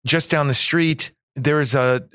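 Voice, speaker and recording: A man's voice: on the high side, fairly even intonation, unhurried, fairly bright tone, clear, resonant tone, no room sound. A man in his forties talks casually as a podcast guest, rambling through stories and restarting sentences. He jokes at his own expense. The recording is close and dry with no room sound. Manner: rambling, self-mocking, many fillers and restarts. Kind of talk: casual chat.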